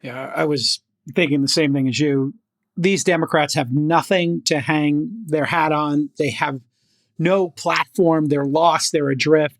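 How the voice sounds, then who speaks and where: A man's voice: on the high side, fairly even intonation, measured pace, dry recording. Brash man riffing on a podcast, dry sound. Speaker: podcast co-host. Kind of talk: casual panel chat.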